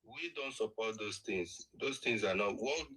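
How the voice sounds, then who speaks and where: A man's voice: on the low side, animated, measured pace, pushed and bright, slightly rough, poor audio. A man from Nigeria calling in to a live show, defensive and pleading to be heard. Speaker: caller. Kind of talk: call-in debate.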